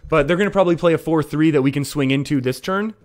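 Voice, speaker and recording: A man's voice: a little high, fast. A man live-streaming a card game, talking through his plays in a chatty way and often laughing.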